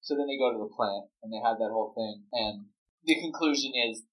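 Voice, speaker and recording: A man's voice: fairly low pitch, brisk, highs cut off. A man in casual, rambling conversation, brainstorming a story with a friend, playful and full of fillers.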